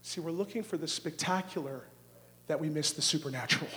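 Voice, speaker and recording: A middle-aged man preaching a charismatic sermon, asking the crowd questions and swinging from hushed, drawn-out words to shouting. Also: a little high.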